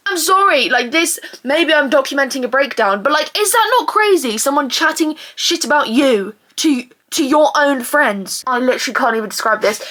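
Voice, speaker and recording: A woman, ranting exasperatedly in a vlog, swearing a lot and now and then breaking into shouts. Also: high voice. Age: 20s. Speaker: vlogger. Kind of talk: venting vlog rant.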